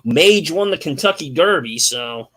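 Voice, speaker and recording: A man's voice: a little high, expressive, unhurried, a bit bright, husky, dry recording. A man co-hosting a casual live stream, joking around and calling a race. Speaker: co-host and race caller.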